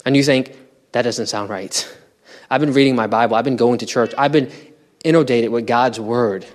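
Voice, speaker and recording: A man's voice: mid-range voice, fairly quick. A man as pastor preaching a sermon in a conversational teaching style, asking the congregation rhetorical questions. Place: church.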